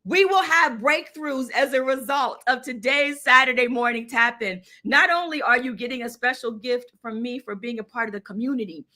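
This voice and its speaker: A woman's voice: sits high, sharp tone. A woman hosting a live motivational stream, speaking emphatically to her chat, repeating phrases and often asking "right?". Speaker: host of a live mindfulness stream.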